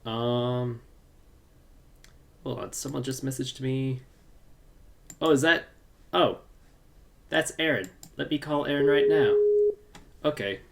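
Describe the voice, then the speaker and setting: A man's voice: medium pitch, slow pace, gravelly, pauses often, fairly bright tone. A man hosting a casual live podcast from his room at home, talking loosely and greeting viewers in the chat. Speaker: podcast host.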